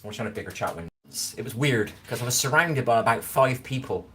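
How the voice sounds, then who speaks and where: A man's voice: mid-range voice, lively intonation, fast, bright, forceful tone, a little hiss or hum. Rambling Scottish man chatting on a live stream. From Scotland. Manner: rambling, keeps asking "do you know what I mean". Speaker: livestreamer. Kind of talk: casual live-stream chat. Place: home kitchen.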